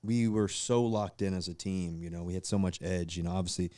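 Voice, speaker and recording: A man's voice: low voice, fairly quick, dry recording. A man in his thirties from Virginia, a guest telling stories in a casual podcast chat, acting out the voices of people he quotes. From Virginia, USA. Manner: animated, acts out quoted voices, many fillers and restarts. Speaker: guest, pro football quarterback.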